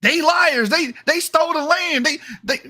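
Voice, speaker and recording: A man's voice: very high-pitched, normal speed, sharp tone. A man from the United States giving a heated, profane commentary rant into a mic, repeating points for emphasis and laughing at his own jokes. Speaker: online commentator. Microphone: talking into a mic.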